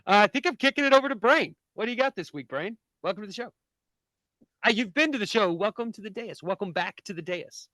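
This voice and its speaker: A man's voice: sits high, expressive, quick pace, pushed and bright, dry recording. A man co-hosting a casual podcast, reading memes aloud with frequent fillers and laughs. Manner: laughs often, reads captions with hesitant fillers.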